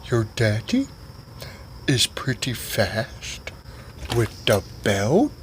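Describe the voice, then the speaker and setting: Guy doing a slow dopey dude, low and mumbly, real quiet. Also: wildly swooping pitch, background noise, full character voice. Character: slow quiet simple-minded man, Tonga.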